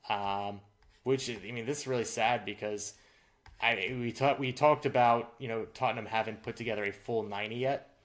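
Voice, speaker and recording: A man in a casual sports podcast chat, his voice sitting at an ordinary middle pitch. He talks through results with frequent fillers and restarts, stopping and starting his sentences. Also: steady tone, moderate pace. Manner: filler-heavy, restarts often. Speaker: podcast co-host.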